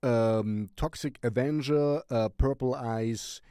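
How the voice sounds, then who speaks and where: A man's voice: mid-range voice, slow, mellow, clean tone, no room sound, clean studio sound. A man with a German accent recommending a song on his music channel, rambling and searching for words. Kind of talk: casual music recommendation vlog.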